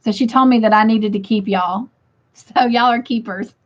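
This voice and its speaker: A woman's voice: fairly high pitch, steady tone, normal speed. A middle-aged woman, hosting a casual livestream and reading viewer comments aloud with frequent laughter. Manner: giggly, laughs often, reads comments aloud. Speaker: livestream host reading chat. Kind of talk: casual live chat. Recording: dull lo-fi livestream audio.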